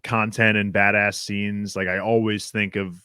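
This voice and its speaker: Relaxed male podcast co-host: lowish voice, laughs often, dry sound. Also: normal speed, smooth, no echo. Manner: laid-back, laughs often. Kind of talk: casual podcast discussion.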